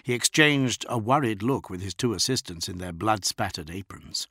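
Male audiobook narrator, gravelly and unhurried, dry studio sound. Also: on the low side, animated, pushed and bright, dry recording.

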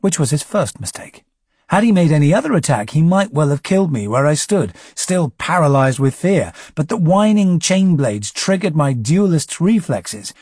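Husky male narrator with a wry tone. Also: fairly high pitch, a little mellow, dry recording. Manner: wry, dry understatement. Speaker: audiobook narrator. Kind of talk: first-person storybook narration.

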